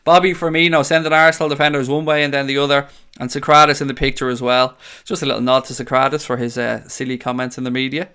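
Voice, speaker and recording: A man hosting a casual fan livestream from a green-screen home studio, reading chat aloud, excitable and swearing freely. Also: medium pitch, fast talker, smooth. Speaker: fan channel host reading live chat.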